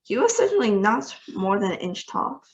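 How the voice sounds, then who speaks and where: A woman's voice: medium pitch, normal speed, highs cut off. A woman reading a children's novel aloud. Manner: lively, expressive narration. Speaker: storybook reader.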